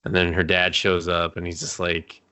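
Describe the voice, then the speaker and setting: A man from Canada co-hosting a casual movie review chat, sarcastic and profane, slipping into quick mock voices for the characters. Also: low-pitched, completely flat delivery, pushed and bright, clear, resonant tone. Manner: sarcastic, swearing, acts out characters in quick asides. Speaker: podcast co-host.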